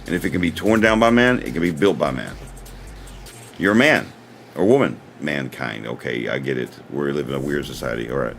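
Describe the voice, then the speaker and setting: A man's voice: a bass voice, expressive, a little fast, gravelly, a bit bright, soft background music. A man hosting his own livestream, talking in an earnest, rambling way and often repeating himself. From United States. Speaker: livestream host. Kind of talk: casual livestream talk.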